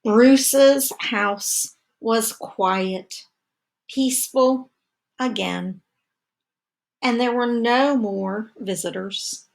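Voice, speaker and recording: A woman teacher reading a picture book aloud to children, slow and expressive, with asides to her listeners. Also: on the high side, gravelly.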